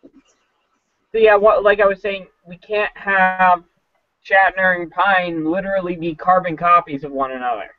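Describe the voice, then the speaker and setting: High-pitched dude making his case on a podcast call, dry muffled audio. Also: fairly even intonation, a little slow, no echo. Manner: earnest, arguing his point with fillers. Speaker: podcast guest. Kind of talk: casual online podcast chat. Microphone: online call mic.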